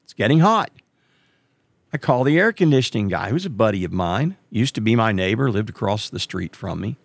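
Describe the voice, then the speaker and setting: A middle-aged man tells a long story in a casual monologue. His gravelly voice rises and falls a lot, and it jumps high whenever he quotes someone else. The sound is dry and close, with no room echo. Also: brisk. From Texas. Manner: animated, jumps way up in pitch when quoting others.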